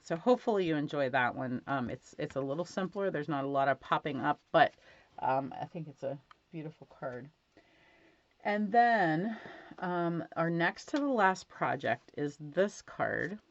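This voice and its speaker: A woman's voice: low voice, no room sound. Chatty woman teaching card-making, lo-fi. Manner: chatty, gushing over results, many fillers. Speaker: stamping instructor. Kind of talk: casual craft tutorial. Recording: dull lo-fi home recording.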